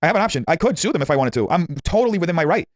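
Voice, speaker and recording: Rapid-fire defensive man on a livestream. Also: on the high side, big pitch swings, dry recording, clean studio sound. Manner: defensive, combative. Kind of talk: livestream argument.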